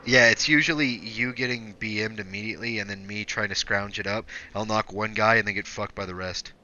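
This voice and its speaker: A man's voice: lowish voice, fairly even intonation, brisk, sharp tone, highs cut off. A young man streaming a shooter game, telling a long story in a loose, profane way between plays. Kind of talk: rambling story told while gaming.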